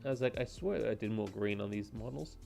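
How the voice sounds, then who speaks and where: A man's voice: on the low side, fast, vocal fry, darkish tone, soft background music. A young man livestreaming as he paints miniatures, rambling and joking with his chat.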